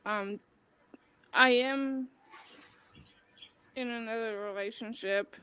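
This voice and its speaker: Bright-voiced hesitant woman. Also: fairly high pitch, steady tone, clear, resonant tone, no echo, lo-fi sound. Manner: hesitant, halting. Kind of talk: casual chat.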